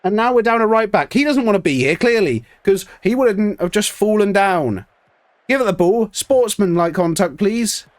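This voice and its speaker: A man's voice: high voice, animated, normal speed, dry recording. A man giving ranting, sweary commentary on a football management game, exasperated with his team. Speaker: streamer.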